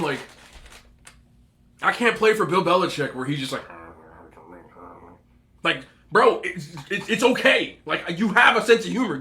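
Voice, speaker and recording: A man's voice: on the high side, sharp tone. A young man hosting an eating show, telling a rambling story casually with lots of asides and laughter. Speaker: mukbang host.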